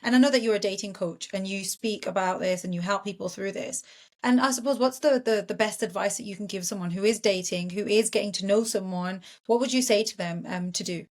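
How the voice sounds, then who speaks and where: A woman's voice: mid-range voice, fairly quick, a little mellow. A woman hosting a podcast conversation, encouraging and affirming as she reflects on her guest's points. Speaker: podcast host, psychologist.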